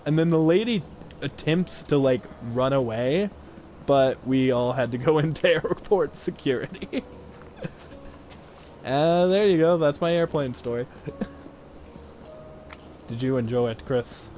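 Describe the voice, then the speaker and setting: A man's voice: on the high side, unhurried, pauses often, a little mellow, a little hiss or hum. A young man casually telling a funny personal story while playing a game, laughing often and acting out the people he quotes. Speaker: gaming video host.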